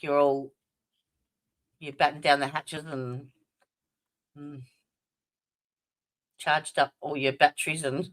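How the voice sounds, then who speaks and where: A woman's voice: low voice, fairly bright tone. An Australian woman hosting a casual livestream, chatty and welcoming viewers by name, with plenty of fillers. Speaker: livestream host.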